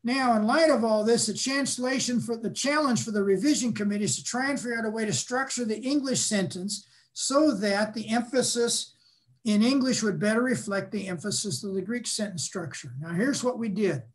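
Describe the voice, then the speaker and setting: An older man lecturing, explaining patiently and pausing to restate his points. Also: high-pitched. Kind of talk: academic lecture.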